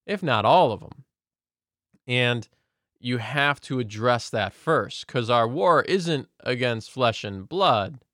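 A man's voice: medium pitch, a bit bright, dry recording, studio quality. A man earnestly sharing a personal faith testimony in casual conversation, often restarting his sentences.

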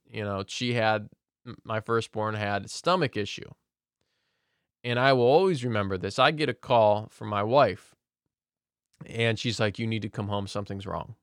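A man's voice: medium pitch, a bit bright, clear, resonant tone, dry recording, clean studio sound. A man earnestly sharing a personal faith testimony in casual conversation, often restarting his sentences.

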